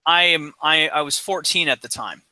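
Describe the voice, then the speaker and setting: A man in his forties rants bluntly on a podcast, swearing freely. His voice is a touch high for a man and very bright and forceful. The sound is dry and close, with no room around it. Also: moderate pace, dry recording, low-quality recording. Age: 40s. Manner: blunt, profane ranting. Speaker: podcast co-host. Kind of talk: casual chat.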